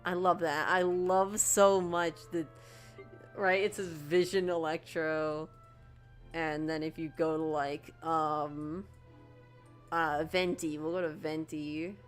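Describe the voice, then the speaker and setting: Excitable woman gushing while streaming a game. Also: low-pitched, slow, soft background music. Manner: excitable and gushing, with many restarts. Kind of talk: casual game commentary.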